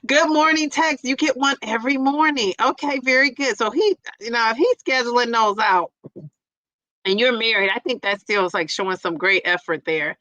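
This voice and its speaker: A woman with a somewhat high voice hosts a casual livestream, chatting to her viewers in a playful, excitable and teasing way. The sound is close and dry, with a slightly dull, muffled tone. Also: normal speed, no echo. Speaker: host of a live chat stream. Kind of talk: casual livestream chat reading viewer comments.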